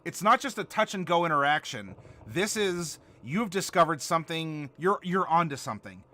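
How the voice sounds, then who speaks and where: A man's voice: fairly high pitch, big pitch swings, normal speed, sharp tone. A man hosting a live stream, chatting casually and answering viewer comments while he builds a game character. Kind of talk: casual livestream chat.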